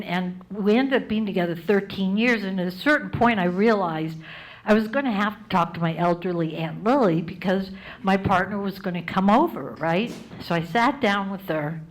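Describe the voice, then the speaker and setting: A woman comedian from the United States telling a stand-up story in a wry, animated way, wandering into tangents. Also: mid-range voice.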